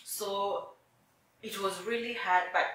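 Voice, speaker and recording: A woman in her thirties telling her story as an interview guest, animated and laughing often, acting out the voices she quotes. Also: medium pitch, slow. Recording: echoey room, mic at a distance.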